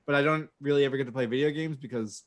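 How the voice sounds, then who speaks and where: A man's voice: medium pitch, rapid-fire. A man co-hosting a podcast, telling a rambling, profane story with frequent laughs from his home office. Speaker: podcast co-host. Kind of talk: casual storytelling chat. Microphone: home office video call mic.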